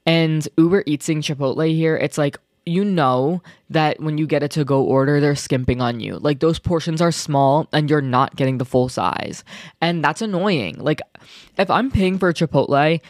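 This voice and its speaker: A young man hosting his own podcast, chatting casually and excitably in a rambling way with lots of filler words. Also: fairly high pitch, moderate pace, no echo, studio quality. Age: young adult. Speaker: podcast host. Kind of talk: casual solo podcast chat.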